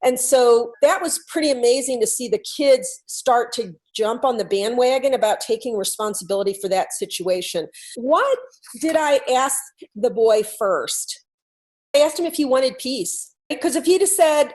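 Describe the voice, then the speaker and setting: A woman coach telling a classroom story in a lively, conversational talk, explaining her ideas through questions. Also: on the high side, moderate pace. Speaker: workplace culture coach.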